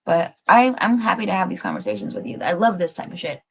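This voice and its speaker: A woman's voice: lowish voice, fast, vocal fry, a little hiss or hum. Rambling, swearing woman streamer. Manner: rambling, many fillers, swears freely; excitable, thinks aloud. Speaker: livestream host. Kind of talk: casual livestream chat with viewers.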